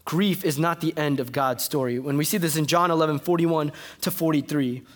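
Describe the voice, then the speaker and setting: A young male pastor preaches, recounting a personal story with animated energy before shifting into soft, earnest exhortation. His voice is fairly high-pitched and his pace fairly quick.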